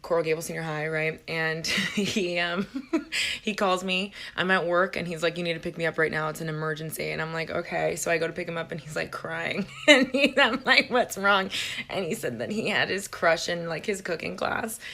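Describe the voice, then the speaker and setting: Lower bright young woman, giggly. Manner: quick, giggles through the story. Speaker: TikTok storyteller. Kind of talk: comic storytime.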